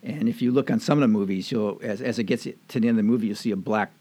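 An older man reminisces at an easy ramble, his voice sitting on the low side. He chuckles now and then and circles back through fillers and restarts as he goes. The recording is dry and close, with no room echo. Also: fast talker, warm tone. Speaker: interviewee. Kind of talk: casual storytelling reminiscence.

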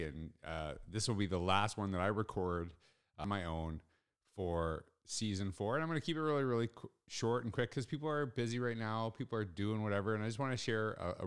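A middle-aged man hosts a solo podcast, telling a personal story casually and ramblingly, often restarting. His voice is fairly low, clear, and resonant.

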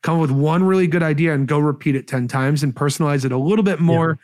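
Guy with a kinda high voice rattling off sales advice, rambly and excited. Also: fast talker. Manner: energetic, rambling with restarts. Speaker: podcast guest, sales expert. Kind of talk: casual advice talk.

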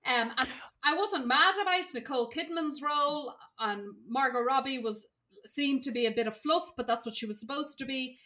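A woman's voice: high-pitched, normal speed, bright, forceful tone. A woman co-hosting a podcast, talking enthusiastically about a film she enjoyed. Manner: enthusiastic, gushing praise. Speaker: podcast co-host. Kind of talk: casual film review chat.

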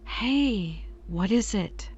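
A woman reading aloud as a motherless teenage boy caught sleepwalking, speaking low and whispery. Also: lively intonation, very slow, a little mellow, husky, muffled recording, full character voice. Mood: sheepish.

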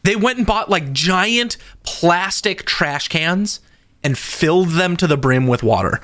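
Animated man telling a story on a podcast. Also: high voice, a little slow, no room sound. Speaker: podcast co-host. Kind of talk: casual chat.

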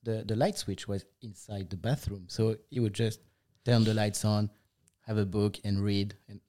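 A man with a lowish voice, chatting as a guest in a relaxed, reflective way. He speaks at an easy, unhurried pace. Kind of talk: casual chat.

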